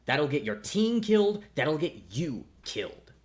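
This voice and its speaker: A man's voice: medium pitch, big pitch swings, a little slow. A man voicing a stern veteran male ranger and father who lectures bluntly and swears, in tabletop role-play.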